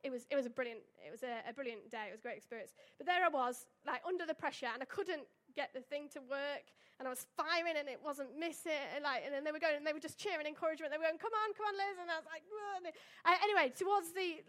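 High-voiced chatty woman preaching. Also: fast talker, few pauses, sharp tone. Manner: chatty, storytelling, with tag questions and fillers. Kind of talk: casual sermon.

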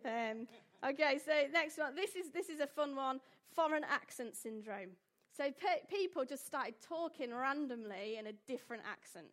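A woman's voice: high-pitched, expressive, moderate pace, few pauses, fairly bright tone. A young woman giving an informal, jokey talk to a live audience, often asking them questions. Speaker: speaker addressing an audience.

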